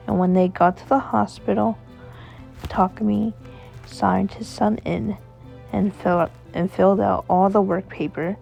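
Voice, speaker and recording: A woman reading a children's story aloud in a slow, soothing way, with a husky, gravelly voice. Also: medium pitch, fairly even intonation, warm tone. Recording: dull lo-fi recording with faint music.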